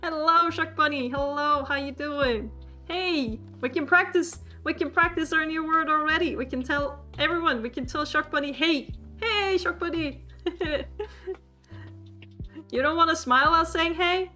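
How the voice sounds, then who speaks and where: With a high, sharp voice at a moderate pace, a giggly Swedish woman, whose first language is Swedish, streams a language lesson over soft background music. She laughs often and stays playful and chatty with her chat.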